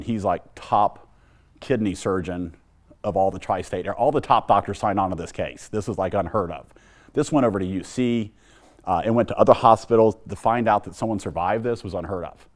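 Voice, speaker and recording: A man's voice: fairly low pitch, a little mellow. A middle-aged man giving a blunt, humorous personal testimony, acting out the dialogue as he retells it. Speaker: testimony speaker.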